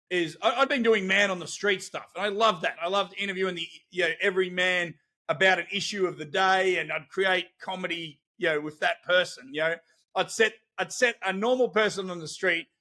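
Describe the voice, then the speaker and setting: An Australian man tells stories with lots of energy and frequent laughs in a relaxed podcast conversation. His voice sits high and sounds bright. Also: brisk. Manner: animated storytelling, laughs often. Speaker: guest, celebrity interviewer. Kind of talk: casual podcast chat.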